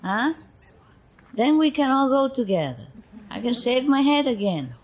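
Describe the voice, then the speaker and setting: A woman spiritual teacher speaks informally to her followers, telling stories chattily, laughing often and dropping asides like "you know." Her voice is high and sing-song at a measured pace, and the audio quality is poor.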